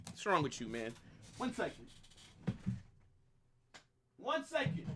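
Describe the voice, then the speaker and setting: A young man, reacting live to a football match in excited, exasperated rants full of swearing and repeated phrases. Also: a little high, slow pace, noisy background. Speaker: football watch-along streamer.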